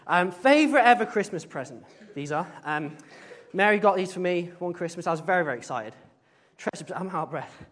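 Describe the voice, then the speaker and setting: A man with a high voice leads a relaxed all-age church talk. He chats with the congregation, stumbles over words and drops in playful asides. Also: a little fast, hardly any pauses. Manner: chatty, hesitant, with many ums and playful asides. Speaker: service leader.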